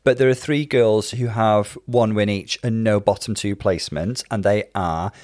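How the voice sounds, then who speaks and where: A man co-hosting a casual chat, analytical and measured, laying out his points in detail. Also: on the low side, fairly even intonation, a little mellow, no room sound, studio quality. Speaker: podcast co-host.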